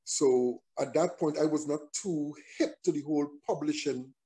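A male songwriter recounts his story in a relaxed interview. His voice sits a little high but sounds warm and mellow. He talks reflectively and often restarts his phrases mid-thought. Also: moderate pace. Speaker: songwriter and performer, interview guest.

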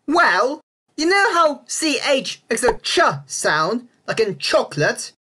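A woman's voice: high voice, sing-song, slow pace, sharp tone, husky. A woman narrating a casual explainer video over slides, chatty and often checking in with a rising "yeah?". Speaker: video creator explaining spelling reform.

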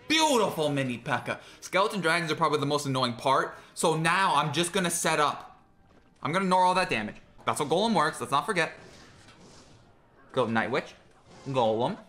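A young man giving excitable, jokey running commentary on his own gameplay, talking to himself as he plays. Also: on the high side. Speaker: gaming creator.

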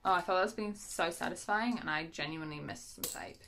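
A woman's voice: on the low side, brisk, bright, forceful tone, a little hiss or hum. Giggly, self-correcting book vlogger, woman, casual at-home chat. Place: at home, unboxing parcels.

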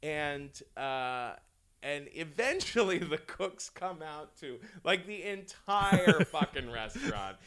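A man's voice: a little high, slow, a loud crowd. A man, a comedian guest on a podcast, telling a story casually with lots of restarts, laughs and swearing. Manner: animated, restarts a lot, swears, laughs often.

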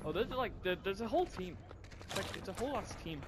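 High-pitched excitable Welsh gamer. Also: male voice, fast talker. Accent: Welsh, shifting toward English. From Wales. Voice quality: excitable, yelps and jokes mid-game. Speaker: gamer in a voice-chat squad. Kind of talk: casual gaming chat. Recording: noisy mic with clicks.

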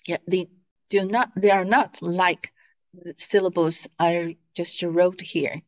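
A woman's voice: on the low side, fairly even intonation, takes it slowly. A woman teaching pronunciation in a lesson, patient and repeating each syllable for students to follow. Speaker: Mandarin teacher.

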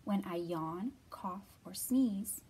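A woman librarian leading a children's storytime, reading aloud in an expressive, bright manner and acting out the quoted lines. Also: mid-range voice, takes it slowly, slightly rough.

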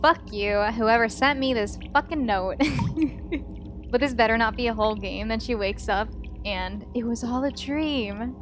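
A woman's voice: a little high, measured pace, background noise. A woman streaming a horror game, reacting to the scares with swearing and laughter. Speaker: let's play streamer. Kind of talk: casual gameplay commentary.

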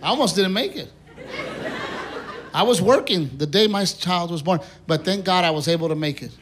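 A man performing a stand-up comedy set on stage, telling a story in an animated way and acting out the voices of the people in it. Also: sits high, normal speed. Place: comedy theater stage with live audience. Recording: live stage recording with crowd noise. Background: audience laughter and applause.

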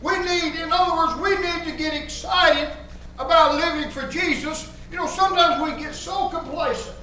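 A man's voice: very high voice, steady tone, normal speed, sharp tone, slight background noise. A man preaching a sermon in a church as the pastor, fervently repeating his key phrases and reading scripture aloud. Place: church sanctuary. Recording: echoey church from far off.

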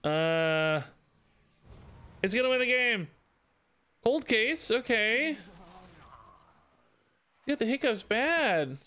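A man's voice: expressive, takes it slowly, pauses often, sharp tone, smooth. A man streaming a card game live, chatting casually and cooing in baby talk between his commentary on the game. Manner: bouncy, sing-song pitch jumps.

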